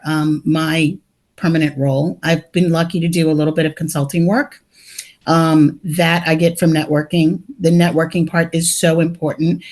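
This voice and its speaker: A woman's voice: fairly low pitch, darkish tone. A middle-aged woman speaking candidly and with humor on a group video call, sharing her own layoff experience. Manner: candid, talkative, joking. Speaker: laid-off operations worker sharing in a support group.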